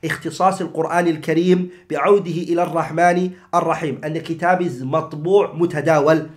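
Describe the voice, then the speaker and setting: A man's voice: on the high side, fairly even intonation, very fast. A man teaching an Islamic text, explaining in English with Arabic terms and rhetorical questions.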